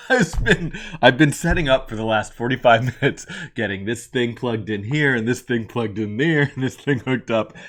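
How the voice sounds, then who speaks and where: A man's voice: mid-range voice, moderate pace, fairly bright tone. A man hosting a casual live stream from a home attic studio, rambling and self-deprecating, laughing often between thoughts. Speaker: live-stream coding host.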